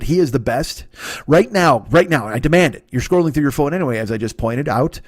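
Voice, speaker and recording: Fast-talking profane comedian host. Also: male voice, medium pitch, dry recording, clean studio sound. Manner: profane, rambling, playful. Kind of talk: casual monologue and ad read.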